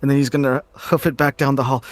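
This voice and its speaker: A man's voice: medium pitch, no echo. A man playing a tabletop game, narrating his character's actions casually in the third person. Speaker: player. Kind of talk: tabletop role-play narration.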